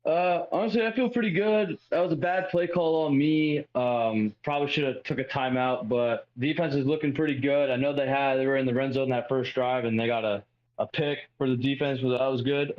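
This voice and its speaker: A man answers as a coach, relaxed and a little hesitant. His voice sits a bit high. The mic is dull, with faint ambience behind him. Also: a little fast, slight background noise. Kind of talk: casual chat.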